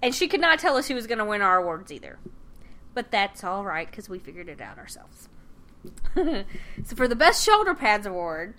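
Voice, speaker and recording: A young woman co-hosting a podcast, casually recapping a TV episode with frequent laughter and quick quoted voices. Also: medium pitch, big pitch swings, sharp tone. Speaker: podcast co-host.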